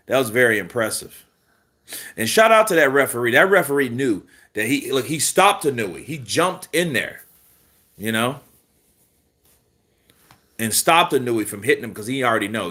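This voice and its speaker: A man's voice: medium pitch, fairly bright tone. A man hosting a live boxing news stream, joking and swearing casually while answering viewer comments. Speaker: host of a boxing news channel.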